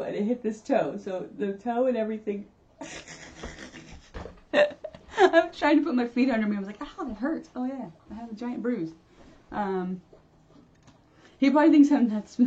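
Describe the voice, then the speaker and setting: A woman's voice: on the high side, mellow, muffled recording. A woman spiritual medium chatting casually on a livestream, rambling, laughing often and restarting her sentences. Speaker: spiritual medium and channel host. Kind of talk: casual livestream chat answering viewers.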